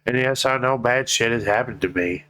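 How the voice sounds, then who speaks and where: A man speaking in an emotional personal vlog, tearful and heartfelt, swearing freely and pleading slowly with his viewers. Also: mid-range voice, pushed and bright, a little hiss or hum, poor audio. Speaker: vlogger.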